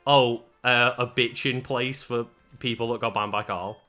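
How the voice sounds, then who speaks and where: Let's play co-host: man, bright tone, halting casual commentary, faint game music underneath. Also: medium pitch, steady tone. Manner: hesitant, full of fillers and restarts.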